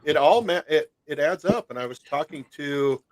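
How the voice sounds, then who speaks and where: Host, male, easygoing call chat, dry close sound, quick jokes and frequent laughter. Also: on the high side, lively intonation, no echo. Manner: joking, laughs often. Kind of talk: casual video call chat. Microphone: video call.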